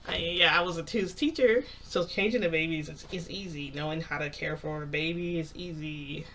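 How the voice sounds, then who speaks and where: A man's voice: fairly high pitch, normal speed, bright, forceful tone, slight background noise. A man telling a long story in a casual, rambling way, full of "like" and small laughs. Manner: rambling, heavy use of "like"; chatty, laughs often. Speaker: vlogger.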